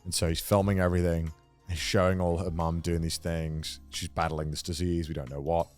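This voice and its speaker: This is a man with a very low voice, chatting casually as a podcast co-host. He rambles through a story recap, using lots of fillers and correcting himself as he goes. Faint music plays in the background. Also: flat delivery, brisk, darkish tone. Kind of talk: casual chat.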